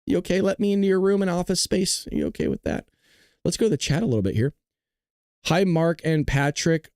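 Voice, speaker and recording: A man's voice: high-pitched, a little fast, darkish tone, clear, resonant tone, no echo. A man from Southern California with a Southern Californian accent hosting a livestream, joking and rambling on a close mic. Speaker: host. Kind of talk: livestream commentary.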